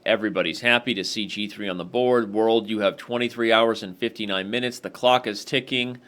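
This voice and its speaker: A man's voice: fairly low pitch, fairly even intonation, fairly quick, fairly bright tone. A man hosting an online chess game, thinking aloud through his moves in a casual, analytical way and talking straight to the viewers.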